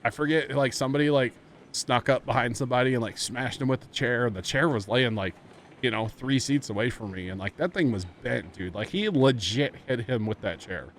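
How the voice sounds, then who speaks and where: A man in his thirties, a streamer chatting casually and telling rambling, animated stories full of fillers. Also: medium pitch, brisk. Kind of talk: casual chat while streaming a game. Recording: background noise.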